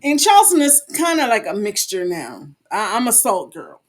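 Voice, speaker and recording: Lively, playful woman podcast host. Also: mid-range voice, moderate pace. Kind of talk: live podcast interview.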